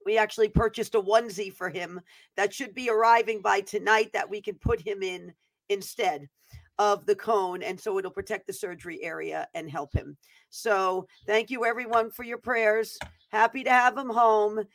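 A woman's voice: medium pitch, steady tone, normal speed, no echo. A woman hosting a faith teaching show, praying earnestly and then chatting loosely with fillers. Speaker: host of a prophetic teaching show. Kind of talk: prayer and casual update before teaching.

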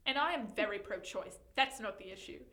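Bright giggly young woman in an echoey room. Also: mid-range voice, brisk. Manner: giggly, animated, breaks into loud laughter. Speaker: podcast co-host. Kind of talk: casual chat, reading posts aloud.

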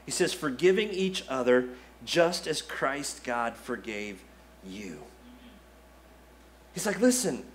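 Guy pastor preaching, casual and chatty, voice sits a bit high. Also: a bit bright. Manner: conversational preaching with quoted asides. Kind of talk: sermon. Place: church sanctuary.

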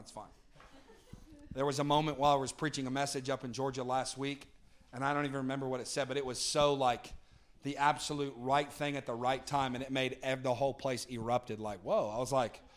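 A man preaching a sermon, moving from booming to hushed and asking the congregation to answer back. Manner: dynamic, swings from booming to hushed; talks with the congregation, asks for responses.

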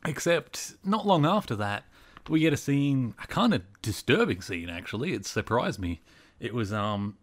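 A man's voice: medium pitch, big pitch swings, normal speed. A man hosting a podcast, recapping an episode in a chatty way with lots of fillers. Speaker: podcast host.

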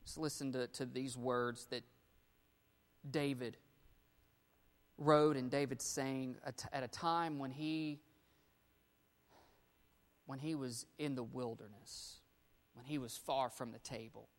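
A man preaching a sermon as pastor, rising to loud emphatic bursts and dropping to quiet, low endings. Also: steady tone, slow pace, pauses often, long reverb tail.

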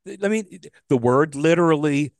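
A man's voice: fairly high pitch, expressive, normal speed, no echo, clean studio sound. A man co-hosting a casual podcast, ranting about a pet peeve, swearing freely and restarting his sentences. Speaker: podcast co-host.

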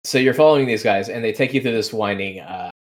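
A man narrating a tabletop game as game master, rambling and relaxed, with many fillers. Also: on the low side, quick pace.

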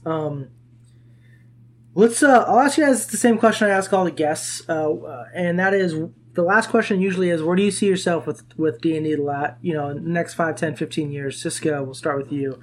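A relaxed man hosting a casual podcast, moving easily between banter and quick sponsor plugs. His voice sits a bit higher than most men's, and he laughs along easily. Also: slight background noise. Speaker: podcast host. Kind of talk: casual chat.

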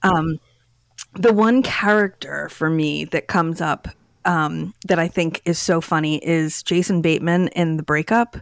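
A woman's voice: low voice, measured pace, vocal fry, no room sound. A woman co-hosting a casual chat, talking in a chatty way and often filling her speech with "like". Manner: chatty, with frequent "like" fillers. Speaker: podcast co-host.

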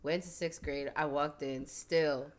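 Laughing young woman teacher, lowish voice. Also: measured pace, over a noisy crowd. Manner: animated storyteller, laughs often. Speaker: podcast co-host, teacher. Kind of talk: casual chat.

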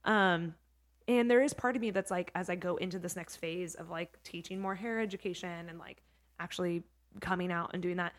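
A woman's voice: fairly low pitch, fairly even intonation, brisk. A woman who works as a hair educator, a podcast guest chatting casually, with lots of "like" and "you know what I mean.". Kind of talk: casual interview chat.

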